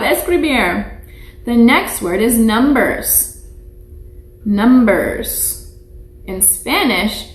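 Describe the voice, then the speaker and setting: Slow, patient woman teaching small children. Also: fairly high pitch. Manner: slow, patient, repeats words for children to echo. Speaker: preschool teacher. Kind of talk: online lesson for young children. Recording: echoey room.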